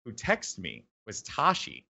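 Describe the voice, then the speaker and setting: A man talking fast and loose as an interview guest, restarting sentences and piling on "like" as he tells a story. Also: medium pitch, vocal fry. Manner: animated, many restarts and "like". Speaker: esports caster guest. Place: home room with a clanking heater.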